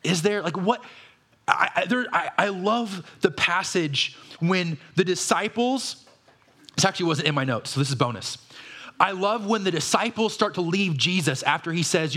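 A man with a fairly high voice delivers a sermon as pastor of his church. He talks in a lively, conversational way and asks his listeners one rhetorical question after another. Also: normal speed.

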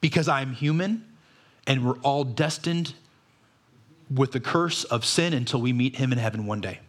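A man's voice: medium pitch, moderate pace. A man, a pastor, preaching a conversational sermon full of rhetorical questions.

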